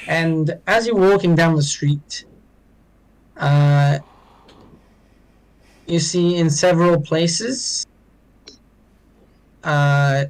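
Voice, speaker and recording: A man narrating as dungeon master in a tabletop game, pausing often with ums and uhs. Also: on the high side, clear, resonant tone, poor audio. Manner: unhurried, halting, with many ums.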